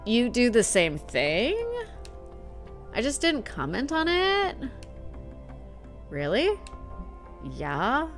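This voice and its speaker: A woman voicing a drowsy, slow-talking young man who makes every line sound like a question. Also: fairly high pitch, big pitch swings, faint music behind, exaggerated voice. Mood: sleepy.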